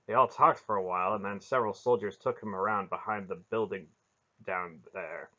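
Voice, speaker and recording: A man's voice: lowish voice, brisk, sharp tone, highs cut off. A man reading an audiobook, voicing an earnest young man speaking plainly.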